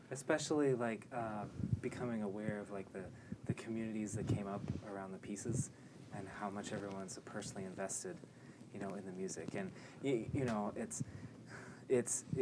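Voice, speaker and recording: A man from a string quartet talks with growing enthusiasm on a livestream, stopping and restarting with lots of fillers. His voice sits fairly low, and a steady noise runs under the recording. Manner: enthusiastic, halting, many fillers. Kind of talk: casual livestream chat.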